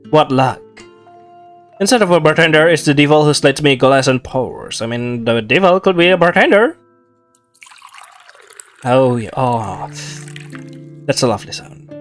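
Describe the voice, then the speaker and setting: A man's voice: medium pitch, a bit bright. Young man casually reading a game aloud. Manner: chatty, self-mocking asides. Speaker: gamer reading a visual novel aloud. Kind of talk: casual let's play commentary.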